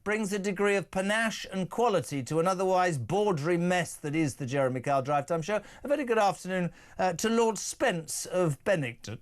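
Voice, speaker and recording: A man's voice: high-pitched, a little fast, few pauses. A man, hosting a talk radio show with brash, teasing, sarcastic banter. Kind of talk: lively opinionated talk radio.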